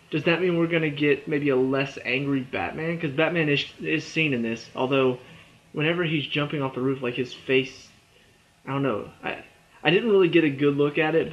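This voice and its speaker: A man's voice: mid-range voice, a bit bright. A young man casually reviewing a movie trailer, rambling and chatty with lots of fillers and restarts, sounding a bit tired. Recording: dull lo-fi recording.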